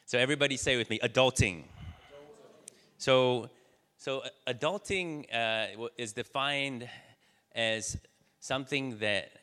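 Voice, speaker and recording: Bright-voiced man preaching in a hall. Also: medium pitch, unhurried, pauses often, clear, resonant tone. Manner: storytelling with many fillers and restarts. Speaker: church speaker. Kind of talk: sermon. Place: church hall.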